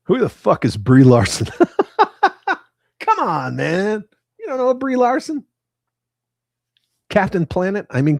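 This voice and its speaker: A man's voice: medium pitch, a little mellow, no room sound, clean studio sound. A man hosting a casual livestream, reading chat comments aloud with crude, profane banter.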